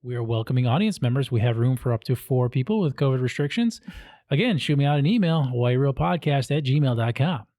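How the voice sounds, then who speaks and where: A playful man hosts a casual podcast interview and fires off rapid quiz questions. His voice is mid-pitched and recorded close and dry in a studio. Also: expressive, mellow, dry recording. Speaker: podcast host.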